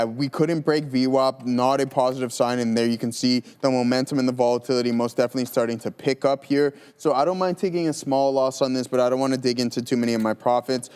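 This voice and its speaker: A steady, mid-pitched man talks through his live trades in a calm, explanatory way. He lays out entries, stops and targets plainly as the market moves. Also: clean tone. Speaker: trader co-host. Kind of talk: live trading commentary.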